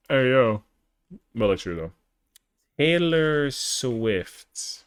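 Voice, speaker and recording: A man's voice: medium pitch, very animated, extremely slow, pauses often. A young man chatting casually on a live stream, rambling in slang with lots of fillers.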